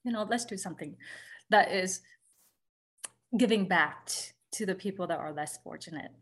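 A woman's voice: medium pitch, normal speed, fairly bright tone. A woman in her thirties, a podcast guest, talking openly and casually with lots of "like" and "you know". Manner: open, chatty, frequent "like" and "you know". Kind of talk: casual interview talk.

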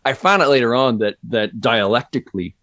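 A man's voice: medium pitch, expressive, fairly quick, fairly bright tone, dry recording. A man appearing as a guest on a podcast, easygoing and good-humored in conversation. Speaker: brand ambassador guest. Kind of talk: casual interview chat.

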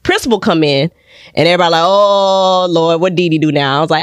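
A young woman from Texas, a podcast guest and actress, telling a personal story in an animated way and acting out other people's voices with sudden high jumps. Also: fast, smooth, dry recording, studio quality. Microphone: studio podcast mic.

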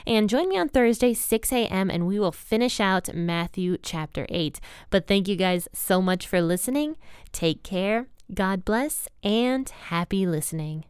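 A woman's voice: medium pitch, expressive, unhurried, darkish tone, smooth, no room sound. Woman teaching scripture casually, dry sound. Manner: conversational, explains verses in everyday terms. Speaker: Bible podcast host. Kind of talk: casual Bible study teaching.

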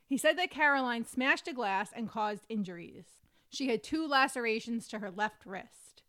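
A woman's voice: a little high, normal speed. Woman co-host reading case notes. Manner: steady narration of notes and quotes. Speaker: podcast co-host.

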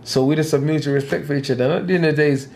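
A man's voice: on the high side, steady tone, racing, darkish tone. A man, a boxer talking bluntly and getting heated in an interview, repeating himself. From England. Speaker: professional boxer.

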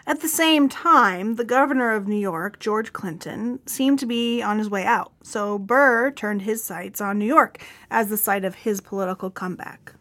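A woman co-hosting a podcast, reading scripted history narration with casual, lively asides. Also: medium pitch, moderate pace, hardly any pauses. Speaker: podcast co-host.

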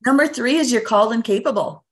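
A woman's voice: fairly high pitch, quick pace. A woman guest, a parent coach, explaining her ideas in an earnest, teacherly way in a casual interview.

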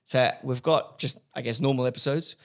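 A man's voice: mid-range voice, steady tone, brisk. An upbeat man hosting a podcast in a chatty, casual way, laughing often. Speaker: podcast host. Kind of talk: casual chat.

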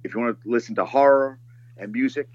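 A man guesting on a podcast, talking casually and excitably, with animated storytelling and some swearing. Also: medium pitch, fast talker, no echo, muffled recording.

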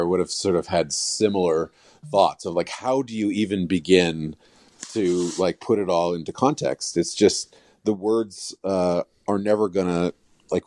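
A low-voiced man speaks as a guest on a casual podcast, rambling through his thoughts with an amused, self-mocking edge. His voice is dry and close, with no room sound. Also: a little mellow, no echo. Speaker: sportswriter guest. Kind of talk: casual chat.

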